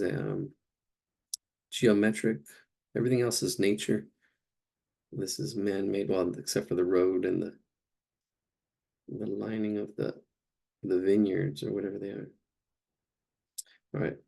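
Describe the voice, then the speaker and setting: A man with a gravelly, mellow voice leads a live painting demonstration. He talks through each brushstroke as he goes and often pauses to hunt for the right word. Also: lowish voice. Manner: thinks aloud while painting, searching for words. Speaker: art instructor.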